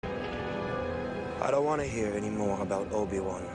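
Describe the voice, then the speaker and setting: A sullen young man broods in a lowered voice, as a man puts it on. Loud music plays over the line. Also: measured pace, lightly acted.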